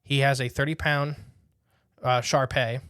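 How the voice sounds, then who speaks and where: A man's voice: medium pitch, a little slow, clean tone, dry recording, clean studio sound. A young man hosting a casual podcast, telling stories with animation and reading listener accounts aloud. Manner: animated storyteller, laughs while telling. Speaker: podcast host.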